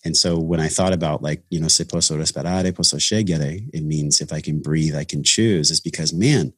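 A man's voice: extremely low pitch, fairly quick, husky, no echo, clean studio sound. A man talking earnestly about his path into breath work in a casual podcast conversation, with many restarts. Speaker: breathwork facilitator, podcast guest.

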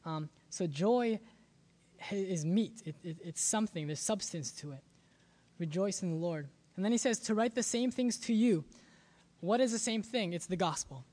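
A man's voice: high voice, moderate pace, darkish tone. A man preaching a sermon as a pastor, earnest and often repeating words as he searches for the next thought.

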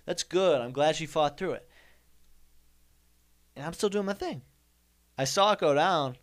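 A man's voice: a little high, measured pace. A young man telling a comic story in a rambling monologue, repeating himself and making mock-indignant asides. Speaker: comedian host.

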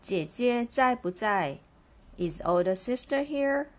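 Woman, language teacher, slow and deliberate, repeats each phrase three times. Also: fairly high pitch, expressive. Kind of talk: slow, clear language lesson.

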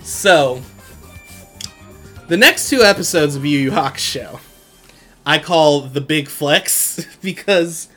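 A man's voice: sits high, fairly bright tone. A young man hosting a podcast, recapping an anime in casual, slangy chat and laughing often. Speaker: podcast host.

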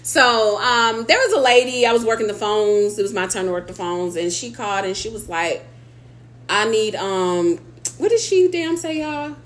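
A woman's voice: fairly high pitch, animated, moderate pace, few pauses. A woman co-hosting a podcast who tells stories bluntly and swears often. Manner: blunt, profane storytelling with lots of "like". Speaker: podcast co-host. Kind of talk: casual chat.

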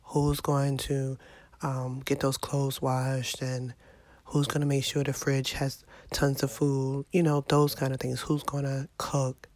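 A sick, fed-up mom vlogger in her middle years talks casually to her viewers, venting and exasperated about a sinus infection. Her voice is a deep rumble, slightly mellow, slow and fairly flat in pitch, recorded dry and close with no room sound.

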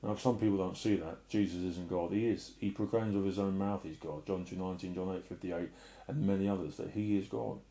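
A middle-aged man sharing an emotional personal testimony and preaching in an earnest way, often sinking to a soft murmur. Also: sits low, steady tone, a little fast. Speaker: Christian speaker.

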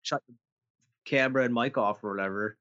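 Relaxed man planning a podcast. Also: mid-range voice, fairly quick, highs cut off. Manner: relaxed, upbeat planning talk, swears casually. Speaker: podcast host. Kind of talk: casual chat.

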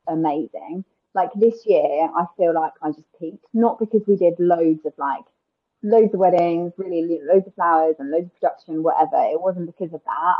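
A woman speaks in a lowish, slightly husky voice. She talks casually as a podcast guest, full of "like" and "um". The audio sounds a little muffled and lo-fi. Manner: chatty, frequent "like" and "um" fillers. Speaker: guest, wedding planner.

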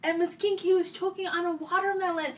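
Young woman, high voice, chatty storyteller who laughs a lot, a bit far from the mic. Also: a little fast. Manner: animated storyteller, laughs often. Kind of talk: casual chat.

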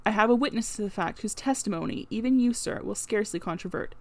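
A woman reading the part of a composed male lawyer who speaks calmly and distinctly in an audiobook. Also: mid-range voice, quick pace, no room sound, lightly acted. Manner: calm, distinct and steady. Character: calm precise male lawyer.

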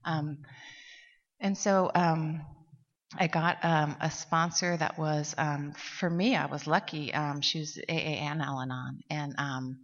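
Middle aged woman rambling through her story, lots of ums, deep-ish voice, long echo in a big hall. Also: steady tone, slow. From Seattle, USA. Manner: candid and rambling, many fillers and restarts; irreverent, blunt asides. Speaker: recovery meeting speaker. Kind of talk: personal story told to a convention audience. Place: large convention hall. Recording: dull sound, long hall reverb.

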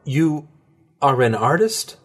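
A calm, formal male scientist, voiced by a male narrator answers in a polite, precise, mid-pitched husky voice. He speaks with small stumbles yet stays even and composed in this audiobook scene. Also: takes it slowly, exaggerated voice. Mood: measured. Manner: polite, precise, slightly hesitant.

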